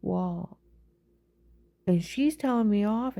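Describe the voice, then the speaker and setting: A woman vents in a rambling, agitated retelling of a falling-out. Her voice is gravelly with a mellow, dark tone, and she sometimes sinks into a hushed whisper. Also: mid-range voice, slow, long pauses. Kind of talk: casual storytelling rant.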